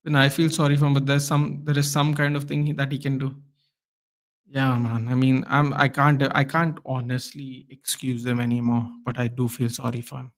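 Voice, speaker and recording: A man hosting a live football watchalong stream, chatting casually and reacting loudly to the play with lots of slang. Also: medium pitch, little pitch movement, normal speed.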